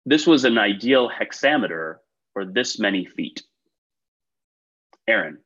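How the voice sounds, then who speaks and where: A man with a low, husky voice hosts a trivia game over a video call. His delivery swings up and down as he reads questions and praises players, and the sound is dull and lo-fi. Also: animated, a little slow, fairly bright tone. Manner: upbeat, chatty asides between questions. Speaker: quiz show host.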